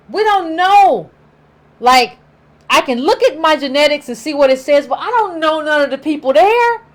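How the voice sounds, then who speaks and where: A woman with an African American accent giving an emphatic opinion monologue, repeating her points and acting out imagined quotes. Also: high voice. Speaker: political commentator vlogger.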